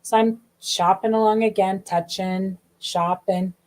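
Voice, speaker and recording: A middle-aged woman, host of a podcast, telling a personal story in a chatty, animated way, full of asides and acted-out dialogue. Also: medium pitch, a little slow. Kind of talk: casual storytelling.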